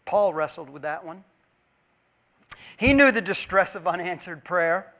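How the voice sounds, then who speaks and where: A man preaching a sermon in a strikingly high voice. He presses his points emphatically, rising to loud pleas and then dropping to hushed asides. He keeps asking his congregation rhetorical questions. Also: lively intonation, a little slow. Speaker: pastor.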